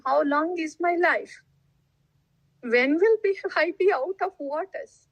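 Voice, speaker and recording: A woman's voice: high voice, no room sound, poor audio. Woman, devotional talk, rhetorical questions, light laughter, dry close sound. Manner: laughs often, acts out listeners' replies; unhurried, asks rhetorical questions. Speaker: spiritual teacher.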